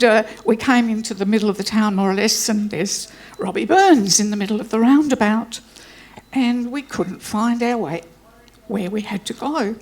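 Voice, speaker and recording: Gravelly woman telling a story. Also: medium pitch. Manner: chatty, self-deprecating storyteller. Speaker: speaker introducing a guest lecturer. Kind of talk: informal anecdotal welcome speech.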